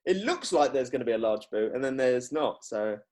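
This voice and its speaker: A man's voice: mid-range voice, lively intonation, fairly quick, darkish tone. A young man, hosting a podcast in casual chat, rambling and laughing often as he acts out quotes. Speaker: podcast host.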